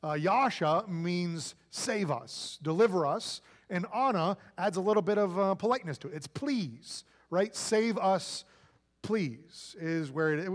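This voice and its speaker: High-voiced pastor, conversational sermon, reverb. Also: male voice. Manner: conversational, often adds "right?". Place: church sanctuary.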